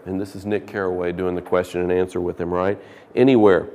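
A man with a low voice lectures to a literature class in a classroom. He talks casually, then throws dramatic emphasis into the passages he reads aloud. His voice rings on in a long, reverberant echo. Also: level tone, fast talker, darkish tone. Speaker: literature teacher.

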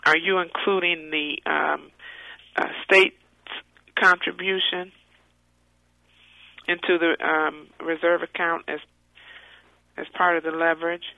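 A man asks a question over a phone line that sounds thin and tinny. His voice is gravelly and a little higher than most. He halts and restarts often, filling gaps with ums. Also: level tone, no echo. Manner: halting, many fillers and restarts. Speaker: caller asking questions. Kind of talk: conference call question.

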